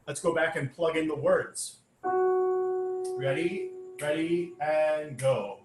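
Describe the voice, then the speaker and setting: A man's voice: a little high, steady tone, slow. A man leading a choir sectional rehearsal, talking singers through the music patiently, step by step, with many um and uh fillers. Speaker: choir director. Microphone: online rehearsal recording. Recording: echoey room with instrument music.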